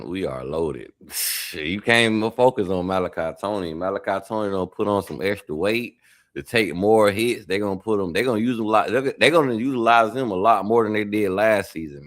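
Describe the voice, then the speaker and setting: A man talking college football as a guest, relaxed and running through lists of players. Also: lowish voice, a little fast. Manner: relaxed, rattles off lists of players with growing excitement. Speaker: sports talk guest. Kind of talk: casual sports talk.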